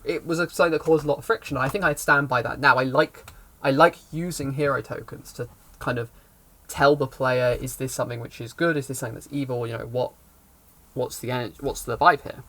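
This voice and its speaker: A man's voice: medium pitch, fairly even intonation, fairly quick, pushed and bright. A man who runs tabletop games, telling a rambling, self-correcting story about a session in a casual explainer talk. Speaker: game master giving advice.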